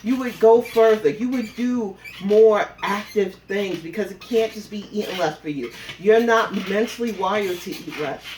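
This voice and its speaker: Riding an exercise bike at home, a woman vlogs on her phone camera and bluntly scolds a rival with plenty of profanity in a confrontational callout. Her mid-range voice is a little slow and a little mellow, with hardly any pauses and a faint hiss or hum.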